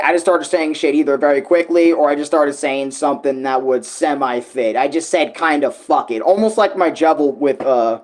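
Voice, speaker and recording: A man with a fairly high voice rambles through a casual vlog, piling up fillers like "right" and "whatnot" and dropping swear words along the way. He sounds unscripted and loose. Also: a little mellow. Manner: rambling, profane, lots of filler. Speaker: music creator vlogging.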